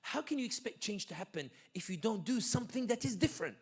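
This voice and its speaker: A man giving an animated, joking community talk full of stories and quick asides. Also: sits high, husky. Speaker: guest speaker. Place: community center hall.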